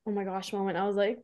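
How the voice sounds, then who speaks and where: A young adult woman telling an excited fan story in casual chat, full of "like" and quoted reactions. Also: a little high, muffled recording. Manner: gushing, filler-heavy with "like". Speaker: fan guest.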